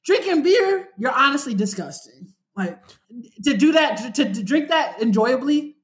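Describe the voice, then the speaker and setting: A man's voice: very high voice, big pitch swings, unhurried. A young man from Maryland co-hosting a casual podcast, teasing his partner in an emphatic, playful way. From Maryland, USA. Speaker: podcast co-host, teacher.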